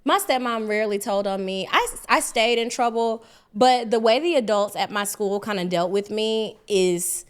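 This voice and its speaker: A woman's voice: mid-range voice, moderate pace, smooth. Chatty woman podcast co-host. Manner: relaxed, chatty, frequent agreeing backchannels. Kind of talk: casual chat.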